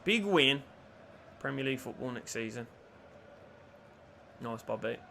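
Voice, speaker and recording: A young man commentating his own football video game, swinging from low mutters to loud shouts and cheeky jokes. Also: lively intonation, measured pace, vocal fry, a little hiss or hum. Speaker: gaming YouTuber.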